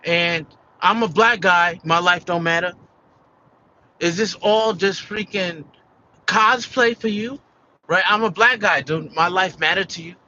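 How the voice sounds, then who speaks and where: Bright-voiced American man ranting casually. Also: high voice, a little slow, muffled recording, a little hiss or hum. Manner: rambling and profane, full of "like" and "you know". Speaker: vlogger. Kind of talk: casual rant to camera.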